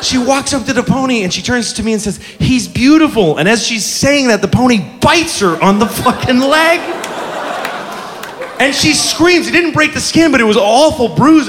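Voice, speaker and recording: A man doing animated, profane, self-mocking stand-up storytelling. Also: very high voice. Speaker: stand-up comedian. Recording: live club with audience and noise.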